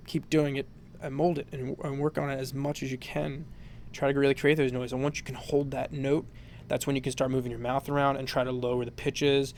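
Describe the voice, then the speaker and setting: A man's voice: mid-range voice, darkish tone, a little hiss or hum. A man explaining a vocal technique in a casual, rambling tutorial, full of fillers and "you know".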